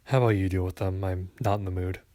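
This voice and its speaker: A man's voice: steady tone, fast, mellow, no echo, close to an everyday voice. A man doing a grumbling, lazy coworker. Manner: grumbling, low.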